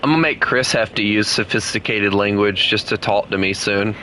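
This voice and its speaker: A man's voice: lowish voice, brisk, slight background noise, poor audio. A man giving casual, joking commentary while playing a game with a friend. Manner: joking, animated banter with a friend. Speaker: gaming streamer.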